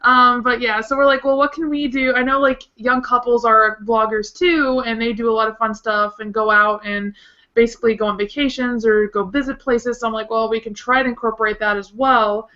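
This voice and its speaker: A fairly high, bright-voiced woman talking eagerly in a loose, filler-heavy way. She comes through dull, lo-fi call audio. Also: fairly even intonation, fairly quick. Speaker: vlogger guest. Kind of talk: casual chat.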